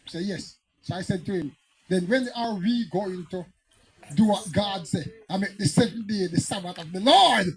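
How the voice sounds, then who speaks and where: A man's voice: sits high, moderate pace, low-quality recording. A man with a Jamaican accent, preaching as a pastor and telling stories that climb into fiery, emphatic outbursts. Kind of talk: preaching Bible teaching.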